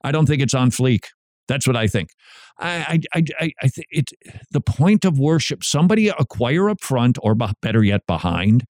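A male radio show host talking with animated energy, his pitch jumping up and down as he jokes and acts out quick scenes. The studio sound is dry and close. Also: dry recording. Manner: jokey, lively, acts out little scenes with voices. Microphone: studio mic.

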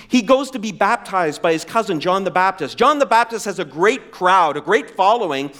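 A middle-aged man preaching a sermon, emphatic and animated, slowing down for weight. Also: sits high. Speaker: pastor.

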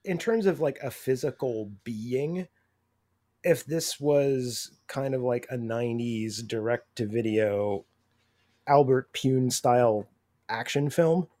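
A man co-hosting a casual movie review podcast, breaking down performances in a measured, analytical way. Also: medium pitch, warm tone. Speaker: podcast co-host.

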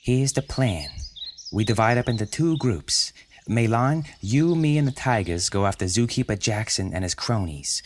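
A man's voice: on the low side, animated, slight background noise, voice pushed up, natural voice. Tough commanding woman, as a man puts her on. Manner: commanding, brisk. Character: tough determined human woman leading animals. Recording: music playing under the voice.

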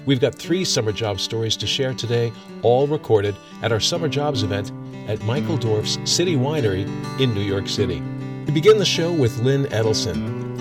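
A man hosting a storytelling show, introducing readers in smooth scripted narration. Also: mid-range voice, lively intonation, normal speed. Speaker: host. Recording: distant voice over loud guitar music.

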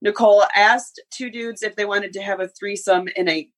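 A woman with a husky, slightly breathy voice tells a bar story on a podcast. She is blunt and lively, and she swears freely as she talks. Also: medium pitch, normal speed. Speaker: podcast co-host. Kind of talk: casual storytelling.

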